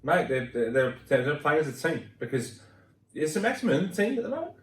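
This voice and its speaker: A man's voice: a little high, sing-song, brisk, a bit bright, recorded from a distance. A man chatting casually about football as a podcast guest, rambling with lots of fillers. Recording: roomy sound from off-mic.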